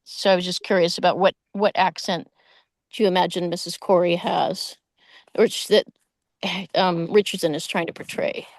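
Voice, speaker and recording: Woman, enthusiastic book-group newcomer, rambling and warm-paced, dry call audio. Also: lowish voice, fairly even intonation, moderate pace, no room sound. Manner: chatty, enthusiastic, many fillers. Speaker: reading group participant. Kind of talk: casual online discussion. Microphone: video call.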